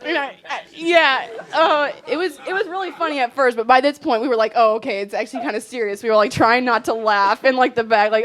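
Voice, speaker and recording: A teenage girl telling a funny trip story to an audience, animated and laughing as she acts out what people said. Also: high-pitched, a little fast, few pauses. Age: teens. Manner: animated, laughing, acting out quotes. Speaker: student sharing a trip story.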